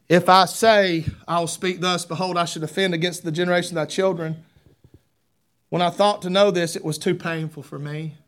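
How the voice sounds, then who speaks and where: A man preaches to his church congregation. His voice sits high, and he grows fervent and loud, stammering through repeated words as he presses each point. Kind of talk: sermon. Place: church sanctuary.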